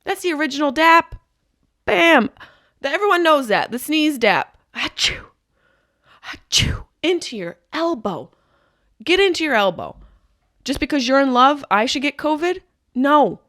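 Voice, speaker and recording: A woman in her thirties hosting a podcast, riffing through a profane, animated comedic monologue. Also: high-pitched, moderate pace, no echo, studio quality. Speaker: podcast host.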